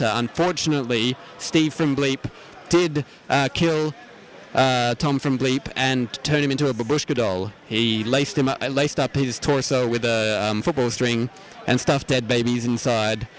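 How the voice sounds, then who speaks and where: A man's voice: medium pitch, moderate pace, rough recording. An Australian man hosting comedic interviews at a convention, asking absurd questions with a mock-earnest manner. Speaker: host, roving interviewer. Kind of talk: comedic vox-pop interviews. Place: outdoor convention.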